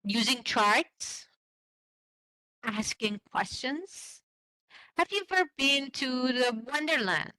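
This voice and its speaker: A woman teaching an online class for language teachers, explaining slowly and asking the class questions. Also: high voice, lively intonation, sharp tone, no room sound, rough recording. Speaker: teacher trainer. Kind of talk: online teacher-training lesson.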